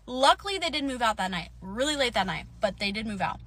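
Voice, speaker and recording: A woman's voice: a little high, lively intonation, a bit bright, slight background noise. A young woman telling a long story straight to camera, angry and swearing, rambling with lots of fillers. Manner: angry, swearing, fast rambling with many likes. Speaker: vlogger telling a roommate story. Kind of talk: casual storytime rant.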